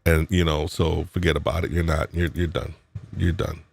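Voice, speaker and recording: A man's voice: very deep voice, level tone, moderate pace, creaky, darkish tone, a little hiss or hum. A man from New York hosting a live podcast chat, teasing his guests in playful banter and musing with many fillers and restarts. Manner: reflective, uses fillers and restarts. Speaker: podcast host.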